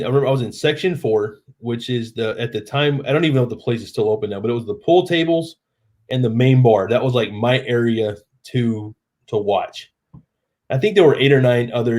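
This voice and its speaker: Guy hosting a late night live stream, rambling story, plays out the other people's lines, middle pitched voice. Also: a little mellow. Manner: rambling, self-deprecating, acts out quoted lines.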